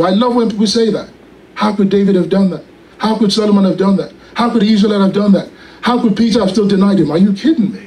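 Male evangelist, very high voice, fervent preaching, shouting at peaks, echoey hall, heard from afar. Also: recorded from a distance. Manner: impassioned preaching, rising to shouts. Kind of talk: sermon.

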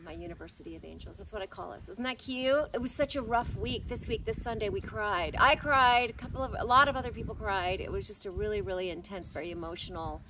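A woman in her fifties hosting her own vlog, talking in an open, chatty way that mixes faith talk with jokes. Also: medium pitch. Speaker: vlog host. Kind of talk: casual confessional chat.

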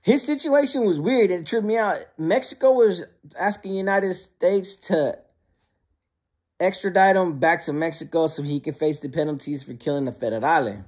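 A man who served time, casually telling prison stories in a slangy, animated way. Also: sits high, normal speed, breathy edge. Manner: slangy and conversational, often calls listeners bro; animated, acts out quoted lines. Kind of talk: casual storytelling to camera.

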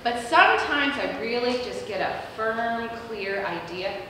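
A woman pastor preaching a sermon, telling a story with lively acted-out quotes. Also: on the high side, a little slow, recorded from a distance, noisy background. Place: large church sanctuary. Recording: echoey church hall recorded from afar.

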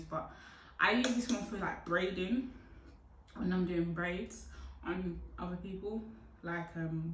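A young woman talks through a hair routine in a loose, playful way, breaking into loud whoops now and then. She sounds set back from the mic, and the room echoes around her. A faint hiss sits underneath. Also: lowish voice, distant mic. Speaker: hair tutorial vlogger. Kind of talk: casual how-to chat to camera.

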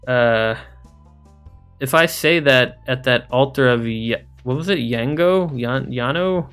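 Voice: medium pitch, slow, a bit bright, clean tone, faint music behind. A game streamer making casual, jokey, rambling commentary while playing. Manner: jokey, rambling, laughs often.

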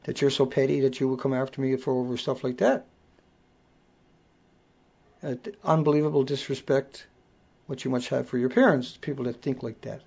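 A man's voice: mid-range voice, steady tone, moderate pace, creaky, pauses often, a little mellow, husky. A man with an accent, hosting a casual livestream, talking bluntly and swearing as he rants. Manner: blunt, ranting, swears freely. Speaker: livestream host. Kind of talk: casual live-stream rant. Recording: dull lo-fi audio.

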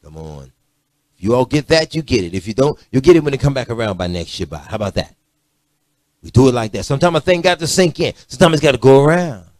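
Man preaching with lively swings. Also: quick pace, no echo. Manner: animated preaching, swings from low murmurs to loud rebukes; blunt, confrontational street-style preaching. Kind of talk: sermon.

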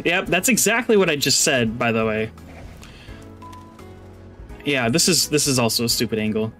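A man giving rambling, excitable live commentary on a game he is streaming into a headset, his voice jumping high when surprised. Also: moderate pace, pauses often, faint music behind.

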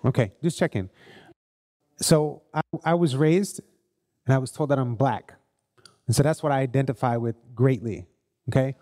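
A man's voice: mid-range voice, normal speed, pauses often. A man hosting a live group session, telling blunt stories with swearing at an event. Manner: animated, blunt storytelling with swearing. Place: event hall. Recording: long hall reverb at a live event.

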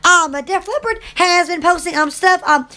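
Bubbly woman host, very high and bright voice, rambling and gushing live chat. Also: normal speed. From Alabama. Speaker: livestream host.

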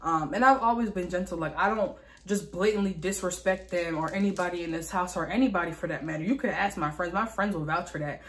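A woman's voice: fairly low pitch, quick pace, few pauses, a bit bright. A young adult woman telling a candid storytime in a vlog, venting with lots of fillers and swearing. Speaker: vlogger.

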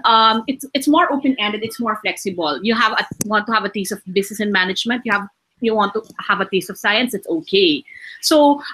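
A woman's voice: on the high side, bright, forceful tone, slight background noise, low-quality recording. A woman with a Filipino accent, speaking as an educator on a webinar panel in a thoughtful, agreeable way. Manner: thoughtful, agreeable, mixes English and Tagalog.

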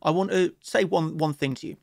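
A man's voice: fairly high pitch, steady tone, fairly quick, creaky, no room sound, studio quality. A man hosting a casual trading analysis talk, chatty and upbeat, with many "you know" fillers. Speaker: crypto trading analyst host.

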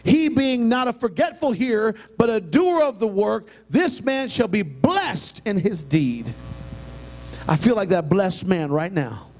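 High-voiced preaching pastor, man. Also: measured pace. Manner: lively, swings between quiet asides and loud shouted emphasis. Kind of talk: sermon.

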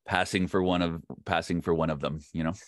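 Deep-voiced Canadian voice actor, dry sound. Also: male voice, fairly even intonation, brisk, dry recording. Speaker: voice actor guest. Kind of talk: casual interview chat.

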